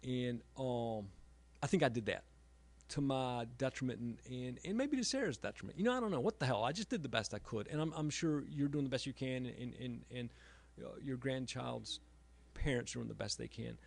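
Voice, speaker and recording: A middle-aged man, an author and emergency room doctor, giving a halting talk with self-deprecating humor at a library event. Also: medium pitch, animated, creaky.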